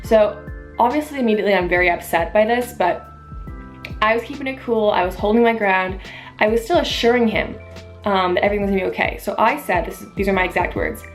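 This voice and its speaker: A young woman, a waitress, tells a story to camera in a casual, animated way, acting out what people said with lively emphasis. Her voice sits in a mid range. Faint music plays underneath. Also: medium pitch, fast talker. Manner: animated, emphatic retelling with quoted dialogue. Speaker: vlogger, waitress.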